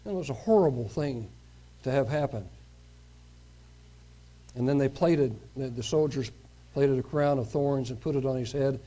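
A man's voice: mid-range voice, moderate pace, long pauses, mellow. A male preacher giving a sermon, reading a scripture passage aloud and stopping to comment on it in his own words.

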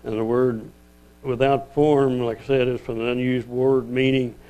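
An older man teaches from the Bible in a loose, conversational sermon. He circles back and corrects himself often, then slows right down to read verses aloud. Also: medium pitch, steady tone, darkish tone, low-quality recording. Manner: rambling, self-correcting, conversational. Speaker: lay preacher.

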